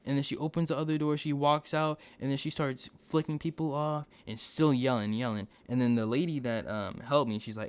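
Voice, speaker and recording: A man's voice: medium pitch, fairly quick, hardly any pauses, clear, resonant tone. Casual storytime guy, slangy, keeps going off on tangents. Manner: slangy, animated retelling with side tangents. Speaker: storytime YouTuber.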